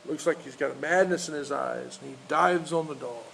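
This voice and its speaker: Male pastor, gravelly voice, halting unscripted sermon with lots of fillers, faint outdoor noise behind. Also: a little high, a bit bright, poor audio. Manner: halting, many fillers and restarts. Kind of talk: informal outdoor sermon with storytelling. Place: outdoors in a park.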